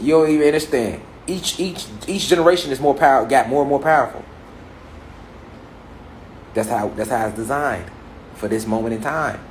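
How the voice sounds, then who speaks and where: A man in his thirties with a somewhat high voice and an African American Vernacular English accent preaches to a gathered audience. His delivery is emphatic and full of rhetorical questions and repeated phrases. The recording is echoey, with a faint hiss underneath. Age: 30s. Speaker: speaker addressing a gathered audience. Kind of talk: spiritual lecture. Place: large room with an audience.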